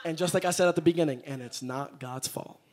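A man preaching a sermon to a live church congregation, repeating phrases and building to loud, shouted peaks. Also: a little high, fast talker, some chatter behind. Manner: engages the congregation directly.

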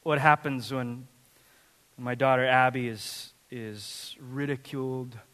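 A man in his thirties preaching a sermon as pastor, telling funny, animated family stories. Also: medium pitch, takes it slowly, in a large hall. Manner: animated, humorous storytelling. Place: church sanctuary.

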